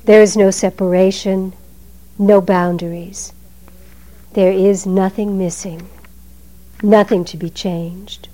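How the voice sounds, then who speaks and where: A woman giving a Zen dharma talk in a measured, emphatic way, letting her phrases trail off softly. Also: mid-range voice, level tone, low-quality recording.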